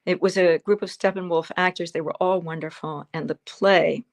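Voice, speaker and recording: A woman in her seventies answering interview questions as a guest actress, telling fond stories with pauses and fillers. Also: lowish voice, fairly even intonation. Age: 70s. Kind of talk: interview answers over a livestream.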